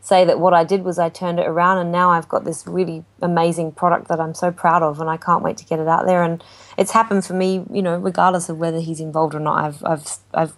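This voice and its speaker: A woman's voice: fairly low pitch, fairly quick. A woman, a jazz singer, telling a story in a casual interview and acting out what people said. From Australia. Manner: animated storytelling with acted-out quotes.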